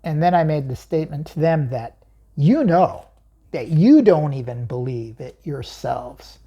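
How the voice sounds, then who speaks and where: A woman's voice: low voice, expressive, measured pace, breathy edge, muffled recording. A woman hosting her own channel, telling a personal story in an emphatic way, chuckling often and asking herself questions.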